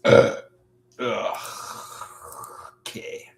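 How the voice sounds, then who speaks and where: A man hosting a live solo stream, talking in a halting, reflective way with many filler words. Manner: halting, reflective, frequent "you know" fillers. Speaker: livestream host. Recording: echoey room.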